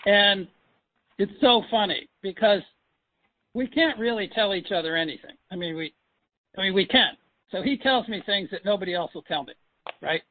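Coaching his trainees by phone, a man with a high, expressive voice speaks at normal speed but leaves long pauses. The recording is dry, and as a sales coach he hammers points home by repeating them.

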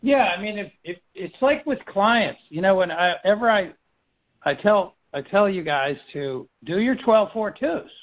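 A firm leader runs a business team meeting in an expressive, high-sitting voice at a measured pace, coaching through rhetorical questions and restarting often. The audio has a tinny phone-line sound.

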